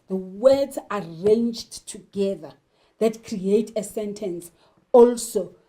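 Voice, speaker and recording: A woman's voice: a little high, dark tone, poor audio. A woman teaching a literature lesson, talking emphatically and putting questions to her learners. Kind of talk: televised classroom lesson.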